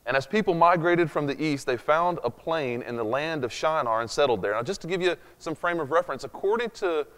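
A man's voice: fairly high pitch, animated, a little fast, fairly bright tone, clear, resonant tone. Man preaching in an echoey church hall. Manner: conversational, sarcastic asides, many fillers. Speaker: pastor. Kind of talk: sermon. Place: church hall with long reverb.

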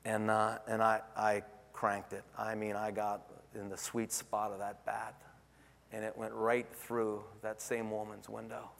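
A man's voice: on the low side, monotone, unhurried, creaky, a bit bright, big-room sound, slight background noise. A middle-aged man preaching a sermon as pastor, telling a personal story with many restarts and asides. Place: church sanctuary.

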